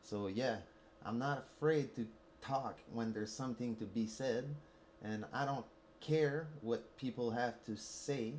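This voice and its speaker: A man's voice: mid-range voice, a little slow, a little mellow, a little hiss or hum. A man with a Quebec French accent, ranting heatedly and profanely at a teammate while streaming a mobile game. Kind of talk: angry rant while streaming gameplay.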